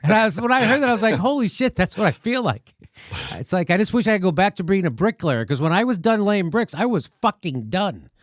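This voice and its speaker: A man's voice: sits high, sing-song, fast talker, hardly any pauses, dry recording, clean studio sound. A man hosting a talk show, chatting casually and rambling through an anecdote with frequent swearing. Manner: rambling storyteller, swears freely. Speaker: host. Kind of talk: casual interview chat.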